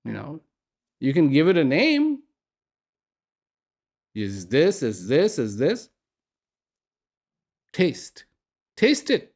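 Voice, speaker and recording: Spiritual speaker, male, unhurried and questioning, lively pitch with a gravelly texture. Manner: slow, questioning, rhetorical. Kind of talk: reflective personal message.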